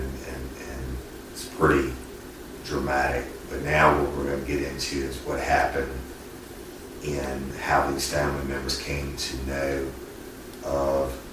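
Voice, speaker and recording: A man hosting a casual on-location interview, talking in a folksy, rambling way with many restarts. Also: very deep voice. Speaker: podcast host interviewer. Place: on location with a family, not in a studio. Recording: echoey room, far mic, background noise.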